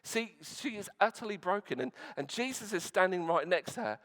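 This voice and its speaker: A male pastor delivers a sermon in a church, retelling the story in an earnest, conversational way. He often restarts his sentences and drops in fillers as he goes. His voice sits a little higher than most men's. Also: expressive, normal speed, a bit bright.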